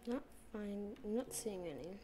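A woman's voice: mid-range voice, expressive, unhurried, over music. A woman giving rambling, casual commentary as she plays a game, chatting away and talking to the animals she meets. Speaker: gameplay streamer.

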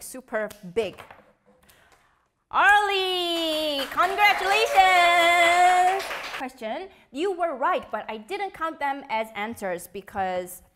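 Young woman, high voice, giggly and chatty, live-stream host reading comments. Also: a little hiss or hum. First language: Korean. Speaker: host of a live quiz show.

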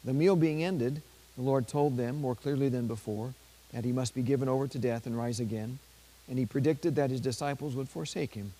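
A man with a dark, mellow voice reads aloud from a saint's life at a measured pace. Now and then he stops to add a quick aside in his ordinary speaking voice. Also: medium pitch, poor audio. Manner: measured reading with brief spoken asides. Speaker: priest.

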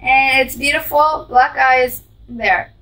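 Bright, high-voiced gushing female vlogger. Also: steady tone, takes it slowly, distant mic, low-quality recording. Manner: gushing, sweet, describes each item aloud. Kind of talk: gift unboxing chat.

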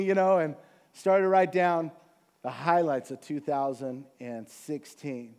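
High-voiced pastor preaching with fervor. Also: male voice, a little slow, darkish tone, clean tone. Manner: earnest, building to fervent preaching. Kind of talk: sermon.

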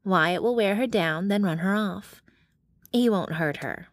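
A woman's voice: medium pitch, unhurried, dry recording, lightly acted. A woman voicing a motherly older bear-shifter woman who speaks bluntly and calls people honey.

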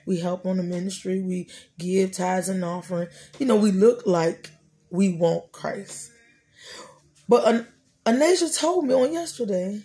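A woman's voice: medium pitch, a little slow, dark tone. A middle-aged woman, hosting a podcast and praying and talking about faith in a preacherly, repetitive cadence. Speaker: podcast host. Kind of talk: prayer and faith talk.

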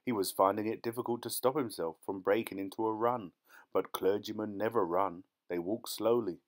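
A man narrating a story audiobook in a measured, even reading. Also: fairly low pitch.

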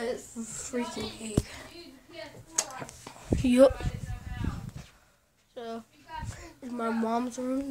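A teenage girl rambling casually through a tour of her home, with distracted asides, recorded on a handheld phone. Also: a little high. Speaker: vlogger. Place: house, walking through rooms and outdoors. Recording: noisy home video.

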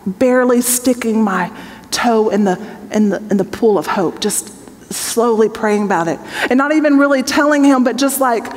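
Woman Bible teacher, forties, fairly high voice, candid testimony sermon, long hall reverb. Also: normal speed, darkish tone. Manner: earnest and conversational, checks in with the audience. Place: large hall with an audience.

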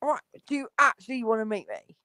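North london woman on a livestream panel, swears a lot, bouncy lively voice. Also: on the high side, fast, no room sound, studio quality. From London, England. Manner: blunt, swears freely, laughs a lot. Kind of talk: casual live-stream chat.

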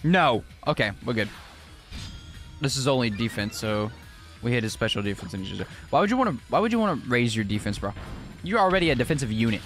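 A man's voice: medium pitch, animated, brisk, a bit bright, soft background music. A young man streaming a game live and chatting with his viewers, exclaiming often and using casual slang.

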